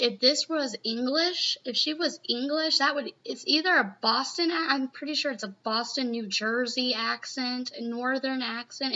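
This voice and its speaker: A woman's voice: high-pitched, bright, forceful tone. A woman chatting casually in a live reaction video, rambling and gushing with lots of "you know.". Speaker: manga reaction vlogger. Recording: muffled lo-fi home recording.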